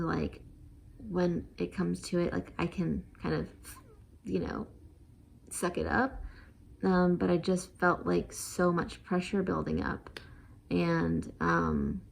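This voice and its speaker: A woman's voice: fairly low pitch, vocal fry. A young adult woman vlogger telling a personal story in a casual, emotional, rambling way, full of fillers and quoted thoughts.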